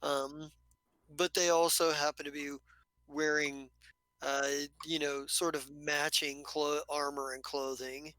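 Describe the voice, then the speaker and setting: Bright-voiced male game master. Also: a little high, little pitch movement, takes it slowly, smooth, no room sound, low-quality recording. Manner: rambling, full of fillers and restarts, casual swearing. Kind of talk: narrating a tabletop game.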